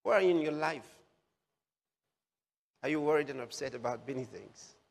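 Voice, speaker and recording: A man preaching a sermon, slowly repeating key phrases for emphasis. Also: fairly high pitch, expressive, creaky. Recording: long hall reverb.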